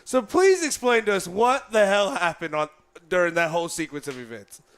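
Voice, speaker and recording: High bright excitable podcast host. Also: male voice, moderate pace, clear, resonant tone. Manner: excited, laughing, jokey. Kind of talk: casual podcast chat.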